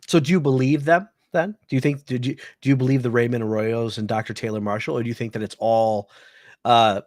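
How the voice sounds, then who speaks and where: Male co-host, casual chat, short wry interjections, mid pitch, dry close mic. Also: fairly even intonation, brisk, a little mellow, dry recording. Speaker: co-host, Catholic psychologist. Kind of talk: casual conversational commentary.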